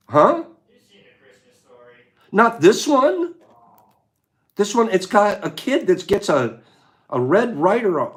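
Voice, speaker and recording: Animated high-voiced man chatting. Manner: animated, chatty, laughs often. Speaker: livestream host. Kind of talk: casual livestream chat.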